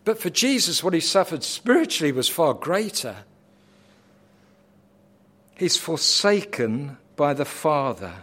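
A man preaching a sermon, dramatic, swinging from hushed lines to loud, intense ones. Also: fairly high pitch, very animated, measured pace, pauses often.

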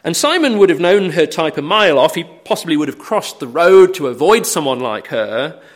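A man's voice: a little high, very animated, normal speed. A man preaching a sermon, explaining a Bible passage as a story, with frequent hesitant fillers.

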